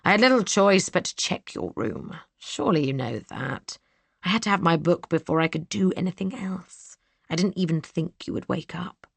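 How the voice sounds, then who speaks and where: A woman voicing a cool, scheming young man who sneers and sometimes drops to a hush. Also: fairly low pitch, lively intonation, normal speed, creaky, slightly rough, no echo, exaggerated voice. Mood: impatient. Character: cold scheming young man, villainous brother.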